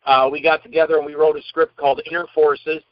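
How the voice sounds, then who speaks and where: High-voiced man telling rambling stories. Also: fast talker, dry recording, dull audio. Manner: animated, rambling anecdote teller. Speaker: guest actor. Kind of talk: casual interview storytelling.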